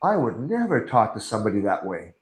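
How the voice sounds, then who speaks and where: A man's voice: on the low side, wildly swooping pitch, fast talker. A middle-aged man guest on a podcast, talking earnestly and candidly, often acting out his own inner voice in quotes. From Canada. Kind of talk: conversational interview. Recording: echoey room.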